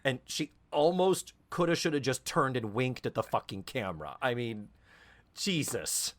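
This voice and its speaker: A man co-hosting a podcast, chatting casually and telling stories with animated voice impressions. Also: moderate pace, dry recording. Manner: animated storytelling, mimics accents and voices with big pitch jumps. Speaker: podcast co-host. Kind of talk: casual chat.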